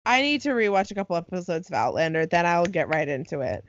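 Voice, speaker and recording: A woman's voice: on the low side, very animated, fast talker, a little hiss or hum. A young woman chatting casually as a co-host, playful and prone to sidetracks. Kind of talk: casual chat. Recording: dry, slightly muffled audio.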